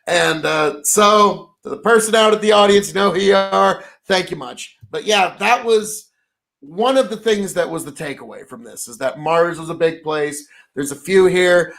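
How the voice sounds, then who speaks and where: High-voiced man telling a rambling story. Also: gravelly, fairly bright tone. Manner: rambling storyteller, swears freely. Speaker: podcast co-host. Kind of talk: casual chat.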